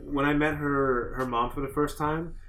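A young man tells an animated story in casual podcast chat. His voice is bright and forward, and he keeps dropping into quick comic voices for the people he quotes. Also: on the high side. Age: young adult. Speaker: podcast co-host.

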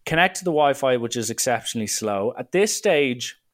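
An Irish man telling a travel story in a casual, animated rant, exasperated and mocking, with some swearing. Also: medium pitch, fairly quick.

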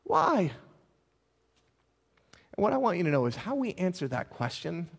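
Impassioned high-voiced pastor in echoing hall. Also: male voice, sing-song, fast, gravelly. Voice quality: impassioned, with dramatic swings in loudness and repeated words. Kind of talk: sermon. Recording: long hall reverb.

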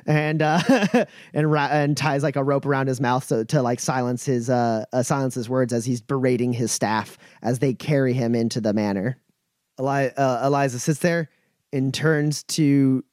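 A man's voice: mid-range voice, a little mellow, dry recording, clean studio sound. A man narrating a tabletop game as game master, rambling with frequent restarts. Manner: rambling, many fillers and restarts.

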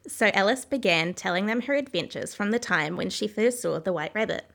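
A woman narrating a classic storybook aloud in a measured, expressive way. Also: mid-range voice, vocal fry. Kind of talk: storybook reading.

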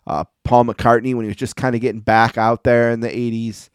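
A man's voice: mid-range voice, little pitch movement, fairly quick, smooth, dry recording, clean studio sound. A man co-hosting a podcast in casual chat, rambling and easygoing with plenty of fillers. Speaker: podcast co-host.

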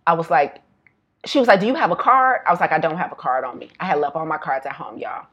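Woman, lowish voice, chatty storyteller to camera, animated. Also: quick pace, highs cut off. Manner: animated storyteller, says y'all, laughs often. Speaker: health educator and vlogger.

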